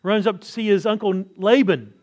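A man with a fairly high voice delivers a sermon in a loose, conversational style. He keeps asking the listeners rhetorical questions and often restarts his sentences mid-thought. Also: moderate pace, a little mellow. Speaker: preacher. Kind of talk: expository sermon.

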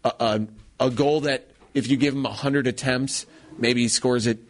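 A man co-hosting a casual talk show, telling stories in a rambling, animated way. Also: medium pitch, moderate pace. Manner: animated storyteller, rambling with restarts. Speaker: co-host. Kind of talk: casual chat.

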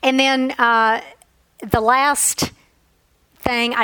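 A woman's voice: sits high, moderate pace, a bit bright, no echo, low-quality recording. A woman giving an earnest, emotional devotional Bible teaching, telling stories from her own life.

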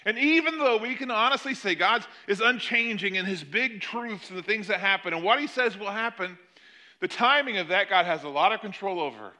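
A middle-aged man preaching a sermon, telling the story with animated swings between loud emphasis and quiet asides. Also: sits high, brisk. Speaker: pastor.

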